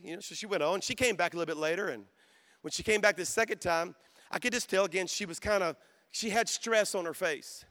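A man preaching to a conference crowd, his high voice bright and forceful. He tells his story quietly and then builds to loud, rousing calls for praise. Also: a little fast. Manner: storytelling, dropping to soft voice then rising to shouts. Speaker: pastor. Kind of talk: sermon. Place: conference hall.

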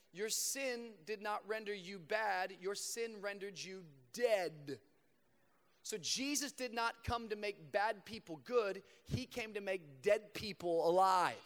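A young man preaching a sermon to a live congregation, slipping between fast casual storytelling and slow, emphatic preaching. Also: high-pitched, fairly bright tone. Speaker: pastor. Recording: long reverb of a large hall.

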